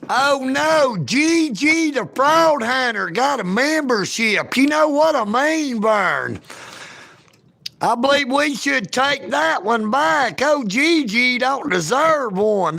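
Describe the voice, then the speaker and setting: A man chats with his live-stream viewers in an unhurried, folksy drawl. His voice sits high and has a gravelly edge, with a bright, forward tone. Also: big pitch swings. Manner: folksy, drawling, talks straight to chat. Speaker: livestream host. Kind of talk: casual live-stream chat.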